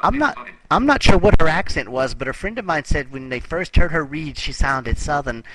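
A man's voice: on the high side, lively intonation, normal speed. Musing man on a noisy mic. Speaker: book discussion group member. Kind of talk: casual group chat.

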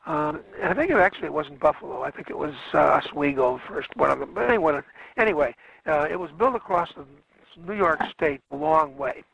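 A man's voice: a little high, animated, brisk, vocal fry, fairly bright tone, breathy edge, lo-fi sound. A man lecturing a class on history, rambling along and correcting himself with frequent fillers.

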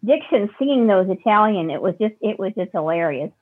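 A woman's voice: medium pitch, expressive, brisk, slightly rough. A woman host reacting to a guest's story in an amused, chatty way. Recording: tinny phone line.

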